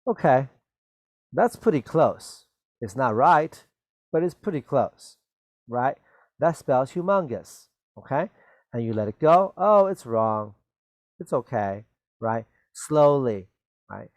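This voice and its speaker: A patient male teacher leads a children's spelling lesson, spelling words out letter by letter and gently encouraging near misses. He talks in an unhurried, drawn-out way. The recording sounds close and dry. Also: mid-range voice, big pitch swings, no room sound.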